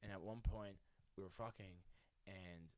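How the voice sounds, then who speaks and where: A man's voice: sits low, steady tone, a little slow, no echo. A young man co-hosting a podcast, telling a rambling, swear-heavy story in casual chat and laughing often. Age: young adult. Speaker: podcast co-host.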